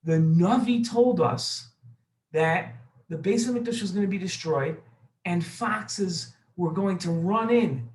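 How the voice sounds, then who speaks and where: Calm, hopeful old sage read by a man for a kids' storybook, patient and explaining, echoey and off-mic. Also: sits high, slow, distant mic. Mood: reassuring. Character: old wise male rabbi, calm and hopeful.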